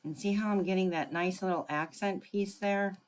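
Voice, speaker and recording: A woman's voice: medium pitch, fairly even intonation, normal speed. A woman running a live crafting tutorial, chatting through each step and greeting viewers by name. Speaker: craft demonstrator.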